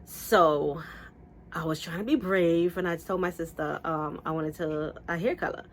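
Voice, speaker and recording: A woman's voice: unhurried, a little hiss or hum. A woman vlogger casually telling a story to camera, rambling with restarts and asides. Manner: lively, acts out quotes with big pitch jumps. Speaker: beauty vlogger.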